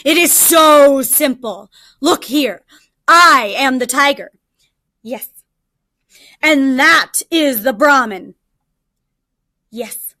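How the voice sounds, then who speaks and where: A woman's voice: high voice, expressive, extremely slow, long pauses, sharp tone, no room sound, studio quality, exaggerated voice. A woman voicing a blustering, impatient male tiger in a storybook read-aloud, bellowing his lines.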